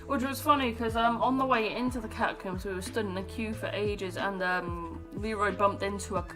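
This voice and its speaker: A woman's voice: medium pitch, fairly even intonation, fairly quick, music in the background, rough recording. A British woman chatting casually on a stream, telling stories with lots of giggling and fillers. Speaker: stream co-host. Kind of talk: casual chat while drawing on a stream.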